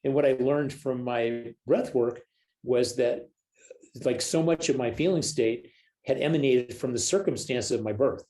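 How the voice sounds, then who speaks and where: On a rough recording, an older man from the US talks a little slowly in a mid-range voice. A counselor and spiritual leader, he's a podcast guest in a casual storytelling conversation, vividly acting out the voices he quotes.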